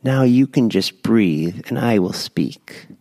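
A man guiding listeners through a slow, gentle breath prayer. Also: lowish voice, animated, no echo. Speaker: prayer leader.

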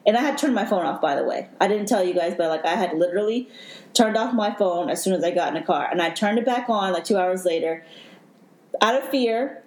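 Woman host, mid-range voice, halting personal story, roomy echo. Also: medium pitch, expressive. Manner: emotional, halting, with many fillers. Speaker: podcast host telling her own story. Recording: echoey room.

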